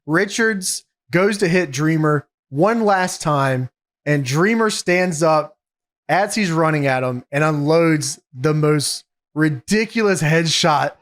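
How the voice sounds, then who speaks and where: A man's voice: on the high side, lively intonation, slow pace, fairly bright tone. A man hosting a podcast, giving a casual, matter-of-fact play-by-play recap with a teasing edge. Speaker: podcast host recapping a match.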